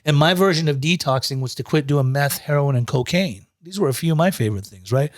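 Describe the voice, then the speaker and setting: Give me a man with a fairly high voice telling his life story as a guest. He swears constantly and talks in a lively, streetwise way. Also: fast talker. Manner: profane, animated, streetwise. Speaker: guest, recovery coach. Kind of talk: casual storytelling.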